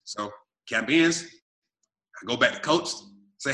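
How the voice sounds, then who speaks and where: A man in his thirties from Arkansas, telling his life story in an energetic, emphatic way and acting out what he and others said. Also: medium pitch, slow pace, pauses often, reverberant. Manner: energetic, repetitive and emphatic, quotes himself and others. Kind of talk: animated storytelling.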